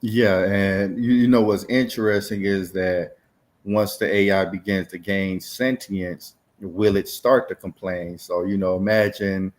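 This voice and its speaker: A man with a very low voice muses aloud as co-host of a casual tech chat. He turns ideas over in a thoughtful, unhurried way. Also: little pitch movement. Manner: thoughtful, musing. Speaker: podcast co-host.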